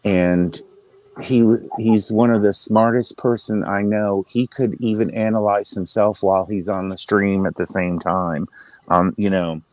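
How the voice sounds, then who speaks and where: Low-voiced man speaking haltingly. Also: fairly even intonation, a little mellow, no echo, rough recording. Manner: halting, emotional, with many restarts. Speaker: panelist. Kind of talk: heartfelt tribute in a casual online panel chat.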